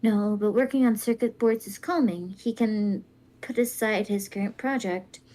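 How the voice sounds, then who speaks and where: A woman reading fan fiction aloud in a soft, even, casual way. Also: mid-range voice, moderate pace. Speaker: fanfic reader.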